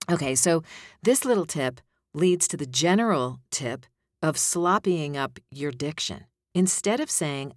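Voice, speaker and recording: A woman's voice: sits low, normal speed, no echo, clean studio sound. A woman giving voiceover coaching tips in a conversational way, demonstrating line reads as she goes.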